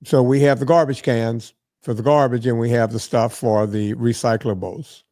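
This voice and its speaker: A man's voice: medium pitch, steady tone, normal speed, warm tone, no echo, studio quality. A man hosting a podcast, telling a story in a casual, profane, exasperated way. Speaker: podcast host.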